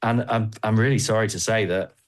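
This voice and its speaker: A man's voice: lowish voice, fairly even intonation, a little fast. A man hosting a casual podcast chat about comics, enthusiastic and laughing often. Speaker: podcast host.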